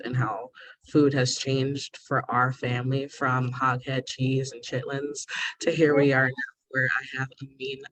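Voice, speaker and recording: A woman's voice: extremely low pitch, fairly bright tone. A woman taking part in a workshop over a video call, speaking earnestly and thoughtfully. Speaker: workshop participant. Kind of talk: casual discussion.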